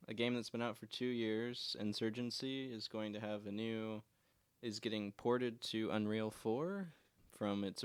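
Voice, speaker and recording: A man's voice: on the low side, clear, resonant tone, no echo. A young man co-hosting a gaming podcast, explaining a news story with some hesitation. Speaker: co-host. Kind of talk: casual chat.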